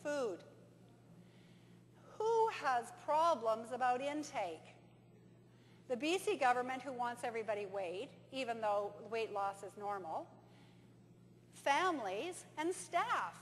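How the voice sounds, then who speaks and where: A woman with a fairly high voice gives a conference talk as an animated storyteller, acting out the voices in her stories. She sounds like she is in a big hall, with long reverb and a faint hum underneath. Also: takes it slowly, long pauses. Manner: animated storyteller, acts out dialogue. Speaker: conference presenter.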